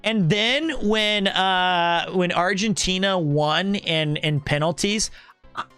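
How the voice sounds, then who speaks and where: Bright high-voiced man telling stories. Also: takes it slowly, clean tone, dry recording, faint music behind. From United States. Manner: animated, rambling, joking storyteller. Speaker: streamer host. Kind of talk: casual storytelling recap.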